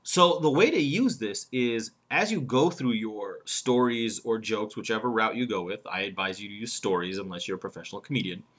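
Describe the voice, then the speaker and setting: A man's voice: lowish voice, moderate pace, hardly any pauses, fairly bright tone. A man coaching speakers on humor in an instructional video lesson, explaining step by step in an emphatic, demonstrative way.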